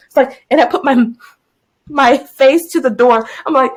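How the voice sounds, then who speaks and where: A young adult woman who teaches is co-hosting a podcast, recounting a story in relaxed conversation and acting out her own shouting and inner thoughts. Her voice sits high and moves at a normal speed.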